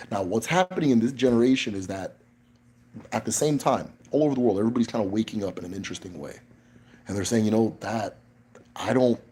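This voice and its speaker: With a deep, husky, darkish voice, a man hosts a casual livestream Q&A. He speaks bluntly and emphatically, swears often, and keeps ending points with "right?"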